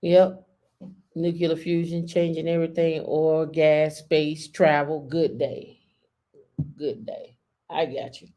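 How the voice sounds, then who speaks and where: A woman's voice: low-pitched, little pitch movement, slow pace, dark tone. A woman hosting a live stream, chatting casually and talking straight to her viewers. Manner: chatty, addresses viewers directly.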